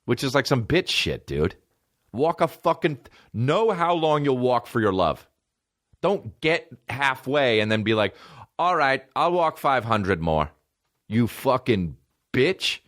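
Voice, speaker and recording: A man hosting a podcast, telling comedic stories in a profane, animated way and acting out the people he quotes. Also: medium pitch, a little slow. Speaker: podcast host. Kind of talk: comedic storytelling.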